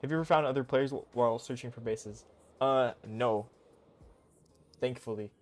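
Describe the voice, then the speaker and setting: A young man streaming a game, talking casually in a goofy, excitable, rambling way full of slang. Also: mid-range voice, normal speed. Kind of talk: casual live-stream commentary.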